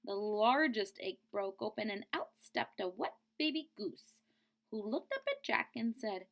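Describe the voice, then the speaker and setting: A woman's voice: mid-range voice, sing-song, measured pace. A woman teacher reading a picture book aloud to children, expressively and stopping to explain word meanings. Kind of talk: read-aloud storybook lesson.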